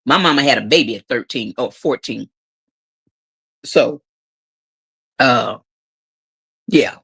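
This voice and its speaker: A woman's voice: low-pitched, a bit bright, breathy edge. A woman giving emotional, opinionated commentary on her channel, sarcastic and emphatic, repeating her points. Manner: emotional, says she cries easily. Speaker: commentary vlogger.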